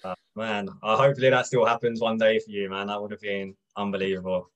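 A man hosting an interview, asking questions in a relaxed, friendly way and chuckling between them. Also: on the low side, fast talker, dull audio. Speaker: interviewer, host. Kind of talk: casual interview.

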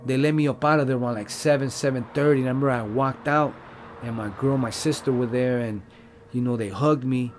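A man's voice: medium pitch, fairly even intonation, brisk, a little hiss or hum. A man, telling his own story in loose, rambling slang full of "like" and "you know". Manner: profane street slang. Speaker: podcast guest telling his life story. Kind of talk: casual storytelling.

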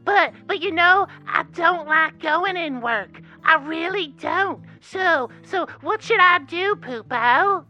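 A woman's voice: very high voice, expressive, takes it slowly, hardly any pauses, bright, forceful tone, lo-fi sound, faint music behind, heavily acted. A woman voicing a shy, embarrassed caller who halts with ums. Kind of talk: comedy radio call-in sketch.

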